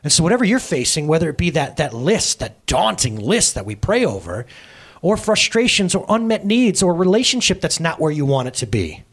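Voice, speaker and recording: A man in his thirties preaching a sermon as pastor, telling a story in a casual, animated way. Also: fairly high pitch, brisk.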